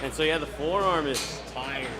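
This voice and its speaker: A man, a tournament player, giving relaxed, halting answers in a quick interview. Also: on the high side, loud music behind the voice, poor audio.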